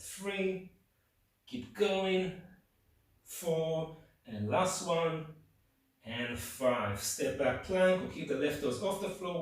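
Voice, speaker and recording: A man leading a yoga class, calmly cueing each move and counting down the holds, slightly breathless as he demonstrates along. His voice sits at an ordinary middle pitch and is heard from a distance. It rings around a very echoey room. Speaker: yoga instructor. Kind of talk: guided yoga class instruction. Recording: very echoey room, mic far off.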